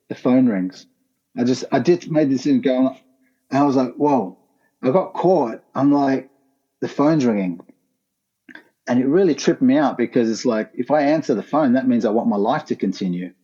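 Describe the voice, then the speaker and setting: A man's voice: medium pitch, mellow, highs cut off. A man, a podcast guest telling a raw personal story in an earnest, intense way with casual slang. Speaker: podcast guest, former pro skateboarder. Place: his art gallery, remote call.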